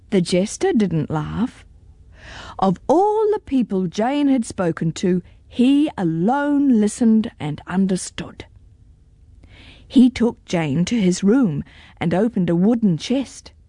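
A woman reading a children's storybook aloud in an expressive, deliberate way. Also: mid-range voice, no echo, studio quality.

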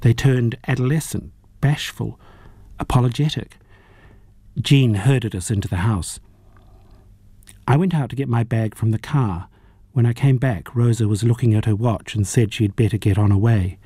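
A man narrating a novel as an audiobook reader, in a measured, even storytelling manner. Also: medium pitch, slightly rough, dry recording. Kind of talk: audiobook reading.

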